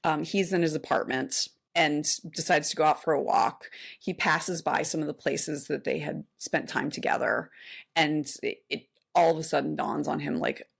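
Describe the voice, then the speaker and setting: Woman, forties, low-pitched, gravelly, podcast co-host, casual chat, filler-heavy retelling. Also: normal speed. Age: 40s. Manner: animated retelling with many fillers.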